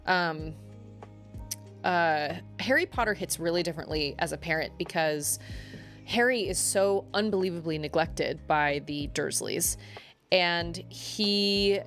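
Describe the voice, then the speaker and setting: Woman, casual streamer chat, rambling, lowish pitch. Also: a little slow, a bit bright, faint music behind. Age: adult parent. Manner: chatty and rambling, reacting to chat. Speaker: livestreamer chatting with viewers.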